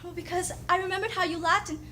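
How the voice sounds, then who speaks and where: A woman playing a gushing, high-voiced young woman. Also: fairly even intonation, fast, sharp tone, a little hiss or hum. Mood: gushing excited. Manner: gushing, eager, chatty. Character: excited young woman home from Paris, gushing. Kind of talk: stage monologue. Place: stage.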